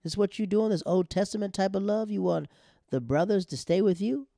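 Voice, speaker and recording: A man's voice: sits high, a little fast, gravelly, dark tone, no room sound, studio quality, pitched above the performer's own voice. A man voicing a sassy teenage girl who teases her friend in a mocking, sing-song way. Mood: teasing.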